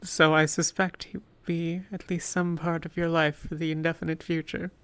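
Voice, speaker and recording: A woman voicing a formal, reserved woman warrior in a tabletop role-play, with a deeper voice and measured, old-fashioned phrasing. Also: flat delivery, smooth, no echo. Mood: dry.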